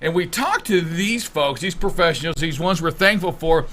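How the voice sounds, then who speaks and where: High, bright-voiced joking male co-host. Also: normal speed, soft background music. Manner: teasing, playful, animated. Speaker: radio show co-host and producer. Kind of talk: casual joking banter.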